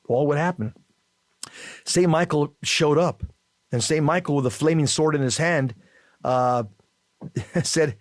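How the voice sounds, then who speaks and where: A man's voice: fairly high pitch, a little slow, long pauses, no echo, studio quality. A man co-hosting a Catholic radio show, telling stories casually with many fillers and restarts.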